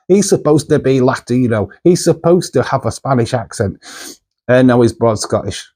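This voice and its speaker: A man's voice: medium pitch, lively intonation, normal speed, mellow. A man from the UK, hosting a movie channel in a loose, rambling chat full of fillers and asides.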